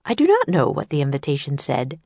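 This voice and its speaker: Woman doing a formal gray-haired older lady, courteous, crisp, animated, dry recording. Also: very deep voice, a little fast, dry recording, heavily acted. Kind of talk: storybook character voice.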